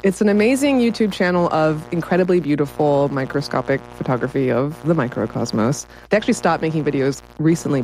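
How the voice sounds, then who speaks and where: A woman's voice: low-pitched, a little mellow, slight background noise, low-quality recording. A woman writer talking as a guest in a casual interview, enthusiastic and often breaking into laughter.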